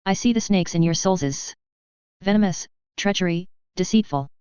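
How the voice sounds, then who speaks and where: A woman's voice: fairly low pitch, normal speed, a little mellow, clean tone, no echo, dull audio, lightly acted. Woman doing a raving drunken old hag. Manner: cackling, wailing prophecy.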